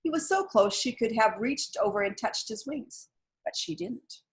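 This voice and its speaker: A woman reading a children's picture book aloud in a gentle, expressive storytelling manner. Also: on the high side, moderate pace. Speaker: storybook reader.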